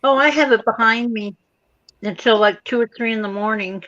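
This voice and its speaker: A woman's voice: a little high, normal speed, a bit bright, lo-fi sound. A woman guest on a casual livestream chat who speaks in an easygoing, matter-of-fact way.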